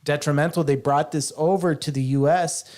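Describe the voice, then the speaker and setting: A man's voice: on the high side, steady tone, moderate pace, a little mellow. A man hosting a casual podcast discussion, hesitant and repeating words as he thinks. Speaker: podcast host.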